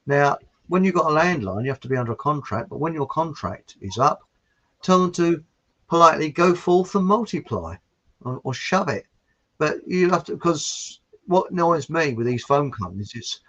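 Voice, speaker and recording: A man from southern England chats loosely and rambles through long jokes, laughing at his own punchlines. His voice sits a little high. The recording is dull and lo-fi. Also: expressive, moderate pace, fairly bright tone. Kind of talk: rambling casual chat with jokes. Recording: dull lo-fi sound.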